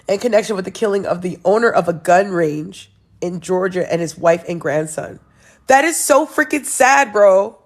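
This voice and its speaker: A young woman hosting her own show, reading news headlines aloud and reacting with blunt, sarcastic remarks and frequent laughs. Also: medium pitch. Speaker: show host.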